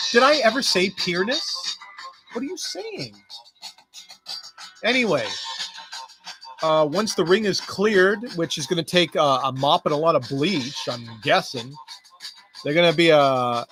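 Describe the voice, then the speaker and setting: A man's voice: on the high side, a bit bright. A man with a slightly raised voice hosts a casual late-night stream. He rambles and jokes, answering live chat as he goes, with faint music playing underneath. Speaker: livestream host.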